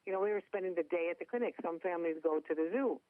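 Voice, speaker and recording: A woman's voice: lowish voice, very fast, no room sound. Woman guest, Minnesota accent, folksy and joking, heard down a phone line. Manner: chatty, self-deprecating humor. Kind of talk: phone interview. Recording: tinny dry phone line.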